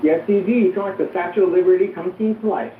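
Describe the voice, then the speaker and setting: A participant in a casual group voice chat, sassy and teasing, with campy, quick jokes. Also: medium pitch, a little hiss or hum. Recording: tinny, echoey phone audio from far off.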